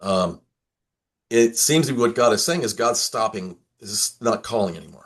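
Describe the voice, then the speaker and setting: A man's voice: fairly low pitch, lively intonation, normal speed. A man, a priest, leading an informal Bible study in a conversational way, with many restarts and repeated words, and acting out quoted voices now and then.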